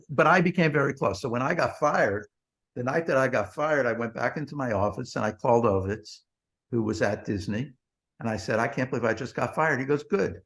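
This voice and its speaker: A man with a gravelly, fry-laced voice sits in as a podcast guest, recounting his years as a TV producer. He rambles through anecdotes, swears freely and waves off details with "blah, blah, blah." His pitch sits in an ordinary middle range. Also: moderate pace, a bit bright. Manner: rambling, profane, repeats "he goes" and "blah, blah". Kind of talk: anecdotal storytelling.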